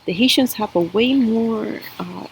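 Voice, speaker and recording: On camera, a woman who reads tarot and coffee cups offers a spiritual cup reading, speaking to her viewers with earnest emotion. Her voice is on the high side and gravelly, at a measured pace. The recording is rough, with slight background noise.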